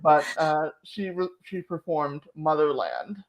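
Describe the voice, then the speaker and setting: A woman's voice: low-pitched, animated, slow. A woman hosting a channel, chatting casually and emotionally, full of "like" fillers. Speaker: channel host. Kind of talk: casual chat recap.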